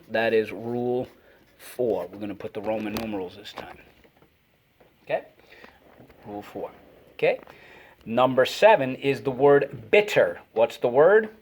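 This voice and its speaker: A man teaching a phonics lesson to children, energetically calling out words and repeating them for the class to echo. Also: medium pitch.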